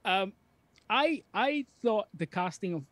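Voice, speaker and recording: A man's voice: high-pitched, animated, fairly bright tone, no room sound. A man co-hosting a film podcast, speaking in an earnest, thoughtful way. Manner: earnest, thoughtful, builds points slowly. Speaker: podcast co-host. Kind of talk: casual film discussion.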